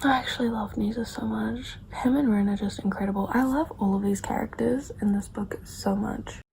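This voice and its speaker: A young woman book vlogger talking casually and quietly, often dropping into a whisper. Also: fairly high pitch, fairly even intonation, normal speed, creaky, background noise. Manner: soft, hushed, often whispering. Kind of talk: casual reading vlog.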